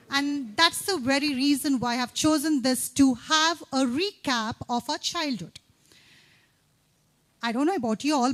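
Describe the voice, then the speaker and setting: A woman emceeing a campus event, upbeat and coaxing, rattling off tongue twisters quickly. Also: sits high. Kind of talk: lively stage hosting.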